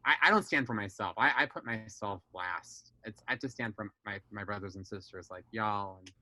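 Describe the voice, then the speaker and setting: A man's voice: fairly low pitch, fairly quick, pushed and bright, poor audio. A young man on a casual podcast, telling personal family stories candidly, swearing freely and acting out relatives' dialogue. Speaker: guest.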